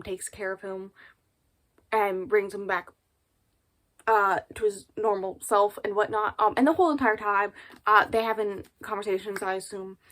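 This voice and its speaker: A book vlogger in her twenties chats casually at home into the camera in front of her, her mid-range voice a touch bright. She rambles, using lots of filler words and small laughs.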